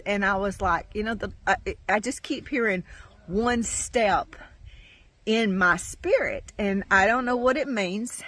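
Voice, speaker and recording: A woman's voice: fairly high pitch, a bit bright. A middle-aged woman, sharing a heartfelt, emotional faith testimony on her farm vlog, rambling and saying y'all often. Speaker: farm vlogger.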